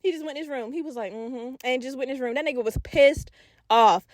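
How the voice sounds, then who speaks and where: A woman hosting a podcast, telling a story in a casual, animated and profane way, laughing and acting out voices. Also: high-pitched, quick pace, no echo, clean studio sound. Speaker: podcast host.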